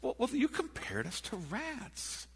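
A man's voice: very high-pitched, wildly swooping pitch, a little slow, creaky, breathy edge, voice pushed up, heavily acted. A man voicing a timid woman from an audience who stammers out a hesitant complaint. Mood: meek hurt. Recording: echoey hall.

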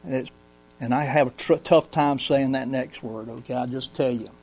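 A man teaching a Bible study in a conversational way, asking the congregation questions and reading scripture slowly. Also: medium pitch, fairly even intonation, darkish tone. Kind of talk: sermon-style Bible teaching.

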